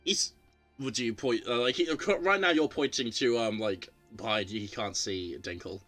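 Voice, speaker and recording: A man's voice: fairly low pitch, moderate pace, fairly bright tone, soft background music. A man running a tabletop game on a stream, describing scenes loosely with lots of fillers. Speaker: game master. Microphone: headset or desk mic, streaming.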